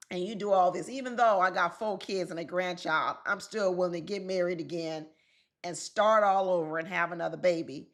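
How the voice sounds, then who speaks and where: A woman's voice: lowish voice, brisk, fairly bright tone. A woman commenting on celebrity news in a casual vlog, talking straight to her viewers and laughing often. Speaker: relationship coach and commentator.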